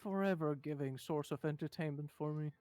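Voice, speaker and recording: A man's voice: fairly high pitch, fairly quick, a little mellow. A man playing a tabletop game in character as a smug, commanding boss. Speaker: player.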